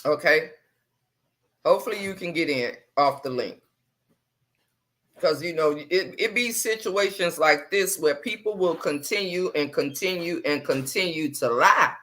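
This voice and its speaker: On her live stream, a woman speaks calmly and with care, restating points to stress them. She has a low-sitting voice.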